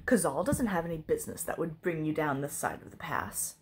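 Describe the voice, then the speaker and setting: A woman's voice: sits low, animated, brisk, background noise. A woman voicing a nasty, gleeful male dragon who taunts and sniffs. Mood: taunting.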